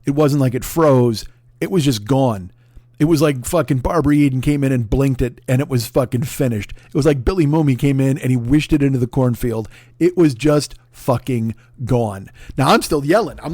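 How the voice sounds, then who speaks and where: A man in his forties hosting a solo comedy podcast, ranting off the cuff, swearing a lot and jumping into loud shouted bits. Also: fairly high pitch, no room sound, clean studio sound. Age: 40s. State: shaken up and jittery. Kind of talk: improvised comic monologue.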